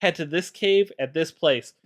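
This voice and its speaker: A man's voice: a little high, normal speed, natural voice. A man voicing a giant male warrior with a hammer, talking in a casual, offhand way. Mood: flustered. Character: giant male titan warrior, blunt and flustered.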